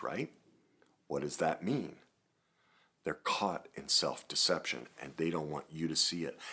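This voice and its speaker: A middle-aged man giving a self-help talk, laughing at himself and swinging from hushed earnest passages to loud animated ones. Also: low-pitched. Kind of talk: motivational talk to camera.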